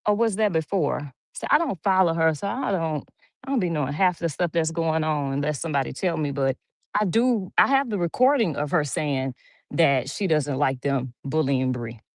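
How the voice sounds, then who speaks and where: A woman's voice: fairly low pitch, no echo. A middle-aged woman from Louisiana with a Louisiana twang, chatting casually on a livestream, reading comments and gossiping with a laugh. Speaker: livestream host. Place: home.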